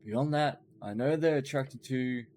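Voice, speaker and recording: A man's voice: mid-range voice, a little slow, darkish tone, slight background noise, natural voice. A man voicing a scrappy goblin sidekick. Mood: musing. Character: scrappy friendly male goblin companion. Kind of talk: reading game dialogue aloud.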